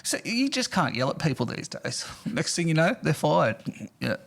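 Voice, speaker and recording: A man's voice: on the high side, very animated, moderate pace, vocal fry, fairly bright tone. A man co-hosting a casual podcast, reading a listener's story aloud and laughing often as he goes. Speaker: podcast co-host.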